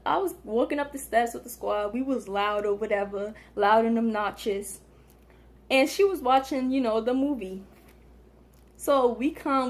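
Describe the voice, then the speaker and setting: A young woman casually telling a story to the camera, slangy and animated, acting out what people said. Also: on the high side. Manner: animated, slangy, acts out quotes. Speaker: vlogger.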